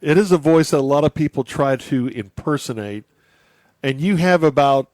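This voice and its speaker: A man's voice: a little high, moderate pace, a little mellow, dry recording. An older man hosting a podcast, chatting casually and telling stories with frequent laughs. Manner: laughs often, chatty storytelling. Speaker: podcast host. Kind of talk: casual chat.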